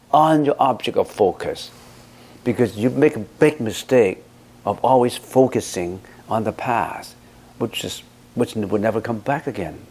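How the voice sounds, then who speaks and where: A man's voice: medium pitch, darkish tone. A man teaching as a Buddhist monk in a dharma talk. He is blunt and emphatic, and he keeps putting rhetorical questions to the listener.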